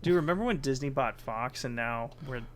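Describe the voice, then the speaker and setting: A man joining a podcast as its editor, chatting casually, animated, joking and swearing with frequent laughs. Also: mid-range voice, a little fast, slight background noise. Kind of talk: casual chat.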